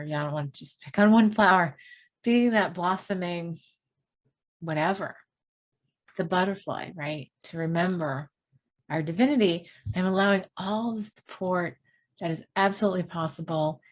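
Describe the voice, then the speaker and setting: A woman giving a spiritual self-help lesson in a casual, meandering way, often adding "right?" and "you know". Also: low voice. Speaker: spiritual teacher.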